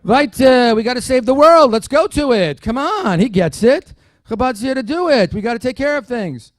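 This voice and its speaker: A man with an extremely high-pitched voice gives a dinner keynote at a moderate pace, animatedly telling a story with humorous asides and acting out the quoted dialogue. The audio is clean studio sound without echo.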